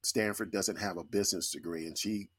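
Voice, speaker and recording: Middle-aged male guest, low voice, dry close sound, earnest reflective storyteller. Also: steady tone, a little fast, fairly bright tone, husky, dry recording. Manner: earnest, reflective, with frequent restarts. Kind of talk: conversational storytelling.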